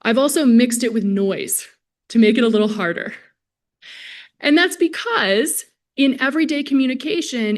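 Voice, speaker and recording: A woman speech-language pathologist giving a conversational conference lecture to a live audience, talking to them directly. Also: fairly high pitch. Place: lecture hall at a symposium.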